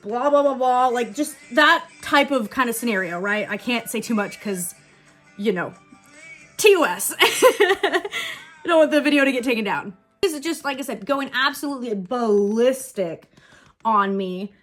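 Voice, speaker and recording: A woman's voice: fairly high pitch, animated, a bit bright, faint music behind. Candid young woman, beauty storytime vlog. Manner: candid, blunt and profane; quick chatty asides. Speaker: beauty vlogger. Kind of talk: casual get-ready-with-me storytime.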